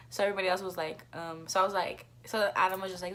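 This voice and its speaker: A woman's voice: on the low side, steady tone, very fast, few pauses, fairly bright tone. A young woman telling a casual storytime vlog, chatty, swearing freely and acting out the voices of the people in her story. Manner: chatty, swears a lot, acts out voices in quotes. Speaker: vlogger.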